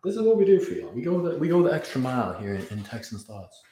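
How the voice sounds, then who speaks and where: An excitable young man in his twenties talks loose and slangy on a home livestream, whooping and laughing between thoughts. His voice sits in an ordinary middle register. The room around him rings with a noticeable echo. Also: mid-range voice, a little hiss or hum. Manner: hyped, slangy, quick to laugh. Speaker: host of a fan livestream. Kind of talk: casual live chat. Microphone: camera set on the floor. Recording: roomy echo.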